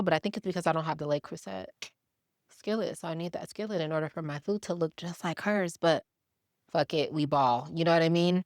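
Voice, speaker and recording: A young woman from Milwaukee chatting to her viewers while she cooks in her home kitchen, animated and laughing easily. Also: lowish voice, no echo, studio quality. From Milwaukee, Wisconsin, USA. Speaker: cooking vlogger. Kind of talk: casual chatty cooking vlog.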